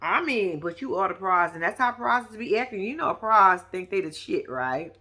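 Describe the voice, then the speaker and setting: A woman's voice: medium pitch, animated, normal speed, pushed and bright. A young woman giving blunt, profane, sassy reaction commentary on a reality show, talking straight to her viewers.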